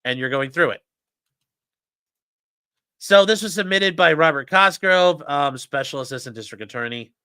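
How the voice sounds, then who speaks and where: A man's voice: on the high side, animated, moderate pace, long pauses, sharp tone, smooth, dry recording, clean studio sound. A man hosting a casual livestream, ranting sarcastically and with profanity while reading out and mocking legal filings. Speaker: host.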